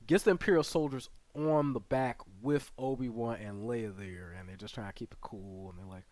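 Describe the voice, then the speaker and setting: A man's voice: mid-range voice, normal speed, darkish tone, no echo. A man hosting his channel, casually retelling a show's plot in a rambling way full of fillers and asides. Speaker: channel host reviewing a series. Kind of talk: casual spoken plot recap.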